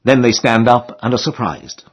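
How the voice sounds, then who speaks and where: A man's voice: mid-range voice, normal speed, husky. A man reading a comic novel aloud in a wry storytelling manner. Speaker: audiobook narrator. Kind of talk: scripted narration of a comic novel.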